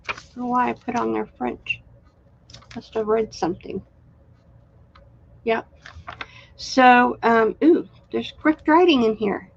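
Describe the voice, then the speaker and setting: Slow-talking woman hosting a craft sale. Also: a little high, gravelly, highs cut off. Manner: chatty, unhurried, admiring. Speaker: live sale host. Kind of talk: live-stream sales chat.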